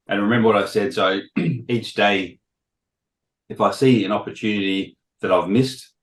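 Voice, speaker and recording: A man with a hoarse, failing voice giving a casual presentation on a video call, often clearing his throat. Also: deep voice, low-quality recording. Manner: frequent throat-clearing, self-deprecating. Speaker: guest trader sharing experience.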